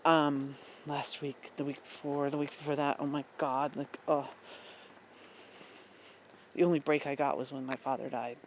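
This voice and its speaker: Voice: medium pitch, little pitch movement, moderate pace, pauses often, a little hiss or hum. Rambling vlogger with lots of fillers. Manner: rambling and candid, many fillers and self-interruptions, frequent laughs. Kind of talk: casual personal vent to camera.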